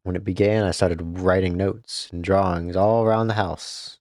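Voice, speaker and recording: A man's voice: low-pitched, steady tone, normal speed, a little mellow, no room sound, studio quality, close to an everyday voice. Man playing a sneering old ghost man. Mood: gloating. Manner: gruff, sneering, mocking. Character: spiteful old male ghost, cruel maze builder. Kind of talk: game character voice.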